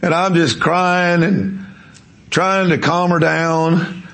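Gravelly preacher man. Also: on the high side, flat delivery, slow, fairly bright tone. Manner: emphatic, repeats words as he builds a story. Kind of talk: sermon storytelling.

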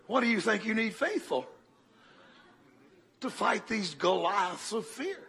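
An older man preaching a sermon, telling a story dramatically and swinging from loud bursts to hushed tones. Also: high voice, very animated, measured pace, vocal fry.

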